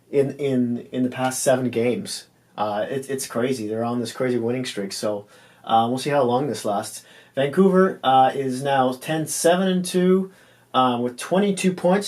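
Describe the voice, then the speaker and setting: A man casually recapping hockey games. He talks loosely, fills pauses with ums and uhs, and stumbles over player names. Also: medium pitch, darkish tone.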